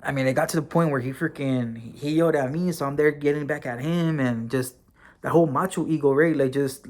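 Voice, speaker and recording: A man's voice: on the high side, brisk. Man casually telling a personal story. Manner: relaxed and conversational, with frequent fillers and occasional swearing. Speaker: vlogger and former correctional officer, now bus driver.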